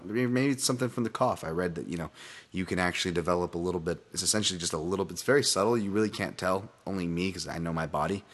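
A man with a somewhat low voice hosts a solo podcast. He talks loosely and rambles from tangent to tangent, swearing casually and often laughing at himself. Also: fairly bright tone. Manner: rambling, profane, self-deprecating, laughs often; many fillers and restarts, tangents. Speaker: podcast host.

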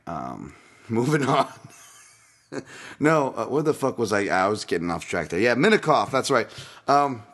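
A man with a low, slightly bright voice hosts a podcast in a loose, rambling style. He swears often and keeps drifting off on tangents.

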